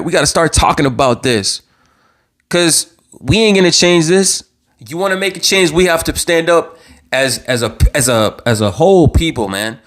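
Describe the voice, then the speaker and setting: A young man hosting his own live show, giving impassioned commentary in a heated, worked-up voice, repeating himself and stumbling over restarts as he gets louder. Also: fairly high pitch. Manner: heated, repetitive, stammering restarts, rising to near-yelling. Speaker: vlog host.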